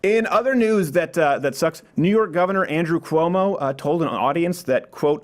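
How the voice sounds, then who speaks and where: A man hosting a comedic news rundown in a studio, wisecracking and quick to laugh. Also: fairly high pitch. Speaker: host.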